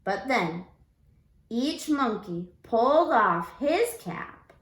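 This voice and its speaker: A female teacher reading a picture book aloud to children, expressive and unhurried, pausing to ask them questions. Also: a little high, roomy sound. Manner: expressive, slow storytelling, asks the children questions.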